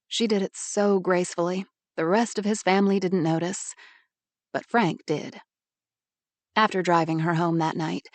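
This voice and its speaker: Give me a woman with a lowish voice calmly reading a novel, dry close recording. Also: no room sound. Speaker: audiobook narrator. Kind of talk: scripted narration.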